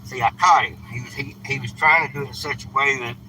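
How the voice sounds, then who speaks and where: A man's voice: mid-range voice, fast talker, sharp tone, poor audio. A man hosting a casual live stream from his truck, talking bluntly and scolding at times. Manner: blunt, scolding, plain-spoken. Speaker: live-stream host handing out food. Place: inside a truck, by the street. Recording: traffic noise from outside. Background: car and street noise.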